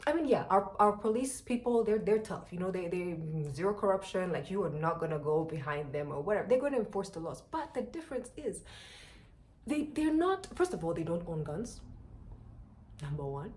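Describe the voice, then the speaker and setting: Young woman, lower register, animated casual storyteller talking to camera. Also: a little fast. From Rwanda. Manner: animated, chatty, frequent asides to viewers. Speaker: vlogger.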